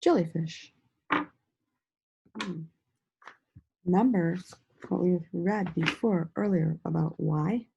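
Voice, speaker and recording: A woman teacher giving a slow, sing-song lesson to young children, stretching out words and praising them often. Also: on the low side, vocal fry, warm tone, husky, dull audio. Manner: encouraging, drawn-out words with frequent praise.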